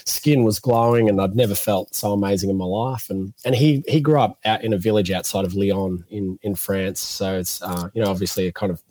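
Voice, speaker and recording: Man, 30s, podcast guest; low, dry, animated storyteller. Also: brisk, hardly any pauses, dry recording. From Australia. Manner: animated storyteller, acts out quotes. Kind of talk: casual storytelling interview.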